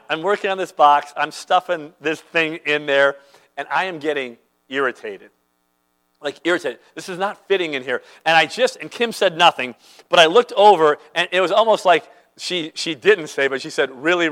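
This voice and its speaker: A man's voice: on the high side, fairly bright tone, poor audio. A man preaching a sermon as a pastor, earnest and conversational, telling everyday stories to make his point.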